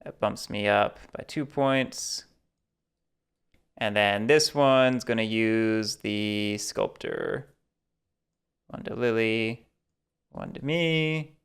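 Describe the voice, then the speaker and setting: Gravelly, smooth-voiced man narrating his moves. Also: on the low side, sing-song, extremely slow, pauses often, fairly bright tone. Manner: talks through his moves aloud. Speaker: board game teacher and player. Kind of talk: casual chat while playing a board game.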